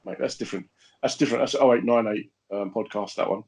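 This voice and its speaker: A man's voice: on the low side, fast talker, vocal fry, darkish tone, a little hiss or hum, rough recording. A man co-hosting a podcast, chatting casually and joking around. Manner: jokey, acts out voices in his stories. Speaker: podcast co-host. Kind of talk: casual chat.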